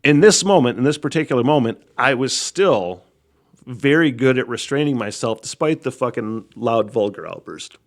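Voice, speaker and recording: Guy hosting a solo podcast, swears constantly, laughs a lot, middle pitch. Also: normal speed. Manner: profane, rambling, laughs often; animated storytelling. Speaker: podcast host.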